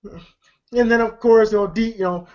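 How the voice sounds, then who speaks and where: A man's voice: high-pitched, unhurried, a little mellow. Rambling, profane man reviewing a movie. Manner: rambling, profane, laughs often. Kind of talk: casual commentary. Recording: lo-fi dull audio.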